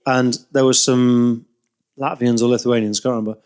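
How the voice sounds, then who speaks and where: A man's voice: medium pitch, little pitch movement, normal speed, a little mellow, smooth. A man in his thirties co-hosting a podcast, telling long rambling anecdotes in casual chat and laughing along. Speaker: podcast co-host.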